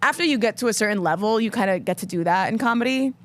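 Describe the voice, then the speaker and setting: A woman's voice: medium pitch, lively intonation, fast. A young woman comedian co-hosting a casual podcast, talking candidly and acting out quoted lines in a joking way. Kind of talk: casual chat.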